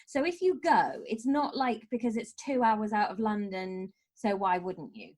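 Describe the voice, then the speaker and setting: A woman's voice: mid-range voice, moderate pace, darkish tone. A woman comedian chatting as a podcast guest, sardonic and mock-grumpy as she rants, laughing between lines. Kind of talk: casual podcast chat.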